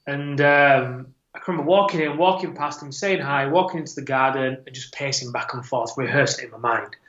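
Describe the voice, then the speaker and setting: A man's voice: medium pitch, fairly quick, a bit bright. A man, a podcast guest telling a personal story in an earnest, reflective way. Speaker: podcast guest, men's coach. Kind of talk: personal story told in an interview. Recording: roomy, slightly dull podcast audio.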